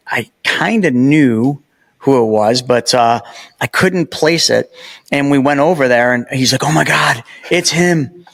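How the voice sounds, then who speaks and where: Male guest, mid-pitched, emphatic storyteller, chatty and a bit preachy. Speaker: podcast guest. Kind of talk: casual conversation.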